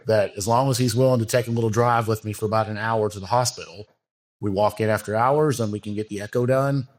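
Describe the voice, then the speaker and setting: This bodybuilding coach talks fast in a fairly low, steady voice. Chatting earnestly on a casual podcast, he strings together long, rambling sentences full of filler words.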